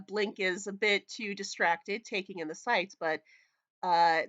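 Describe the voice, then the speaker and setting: A woman narrating a tabletop game as game master, hesitant, with many ums and pauses. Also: lowish voice. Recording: muffled lo-fi voice chat audio.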